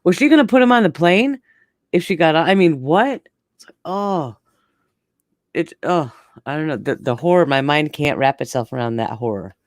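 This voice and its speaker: A woman's voice: low voice, expressive, moderate pace, pauses often, dry recording. A candid woman in her forties chatting casually as a co-host. She laughs easily between thoughts. Her voice sits close and dry, with no room sound around it. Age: 40s. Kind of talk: casual chat.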